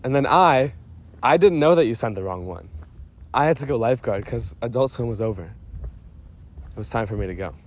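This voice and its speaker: A man's voice: mid-range voice, animated, normal speed, pauses often. A young man telling a mocking, profane story to a friend in a casual voice memo recorded on his phone. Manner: teasing and profane, breaks into laughter.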